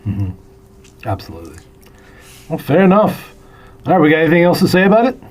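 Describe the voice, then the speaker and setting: A man co-hosting a podcast, with a fairly high, lively voice that swings up and down. He jokes around and keeps the conversation moving. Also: a little fast. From United States. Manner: joking, steers the talk. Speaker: podcast co-host. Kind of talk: casual podcast chat.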